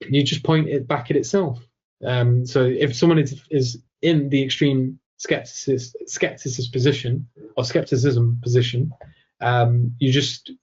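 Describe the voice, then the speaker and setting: A man fields questions from a live audience, reasoning out loud with frequent fillers and false starts. His voice is warm and mellow, sitting at an ordinary middle pitch. The sound is slightly dull, like a modest streaming mic. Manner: thinking aloud, many fillers and restarts; acts out quoted dialogue. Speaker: host answering audience questions. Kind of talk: live Q&A talk.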